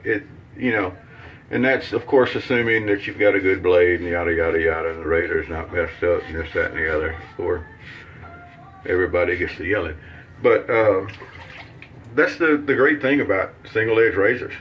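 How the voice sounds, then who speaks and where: A man's voice: deep voice, normal speed, highs cut off, slight background noise. A man from Mississippi with a Southern accent, chatting in a folksy, rambling, joking way while demonstrating a shave. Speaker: shaving vlogger. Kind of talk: casual shaving demonstration.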